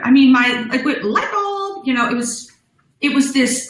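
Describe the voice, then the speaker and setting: A woman's voice: high voice, lively intonation, moderate pace, reverberant, rough recording. A middle-aged woman, a business founder, telling her story as a guest in a live interview, bubbly and laughing often. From United States.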